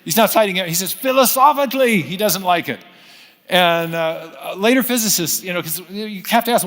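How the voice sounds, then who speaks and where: A man's voice: high voice, lively intonation, moderate pace, fairly bright tone. Man lecturing in a reverberant hall. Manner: explanatory, frequent self-corrections and restarts. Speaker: philosopher of science giving a talk. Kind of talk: unscripted lecture storytelling.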